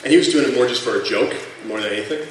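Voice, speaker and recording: A man's voice: mid-range voice, racing. Man telling stories in an echoey convention hall. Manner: chatty, lots of fillers, laughs through the punchlines. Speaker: former colleague sharing memories. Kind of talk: anecdotal storytelling at a tribute panel. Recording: echoey hall from far off, noisy room.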